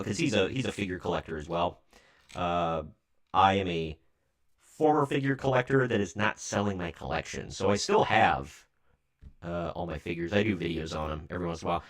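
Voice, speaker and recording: A man's voice: deep voice, a bit bright. A man from Ohio in his thirties hosting a casual livestream, rambling and chatty with frequent self-corrections. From Ohio, United States. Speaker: livestream host.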